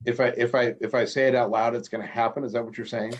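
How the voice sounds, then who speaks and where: A man in an improv comedy scene, talking in a nervous, halting way with a lot of stammering. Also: medium pitch, flat delivery, highs cut off.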